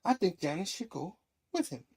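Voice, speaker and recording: Guy reading spidey as an angry young hero, pitch jumps up high. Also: very animated, moderate pace, a little mellow, husky, exaggerated voice. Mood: indignant. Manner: indignant. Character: Spider-Man, angry young male superhero.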